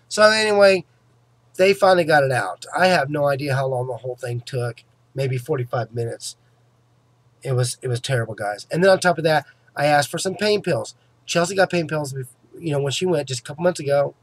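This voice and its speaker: With an aching jaw, a man tells his vlog viewers about a painful tooth extraction, cursing freely, speaking emphatically, and asking "okay?" again and again. His voice is on the high side and a little fast, in a dry recording.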